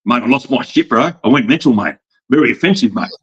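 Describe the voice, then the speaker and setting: A man's voice: mid-range voice, animated, fast talker, fairly bright tone, husky, lo-fi sound. A slightly drunk Australian man, a wrestling promoter, telling rambling, profane, boastful stories in a casual podcast chat. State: a little drunk.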